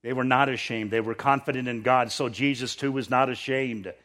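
A man preaching a sermon, reading scripture with rising intensity and dropping to quiet asides, often repeating words as he restarts. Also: fairly even intonation, brisk. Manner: preaching, rises in pitch and force when reading scripture, drops low for asides. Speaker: pastor.

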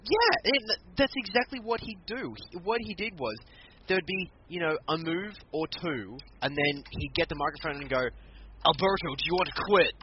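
Male podcast co-host, lively storyteller, higher voice, lo-fi noisy recording. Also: moderate pace. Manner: animated storytelling, acts out quotes. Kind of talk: casual chat recapping matches. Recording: muffled lo-fi audio with background noise.

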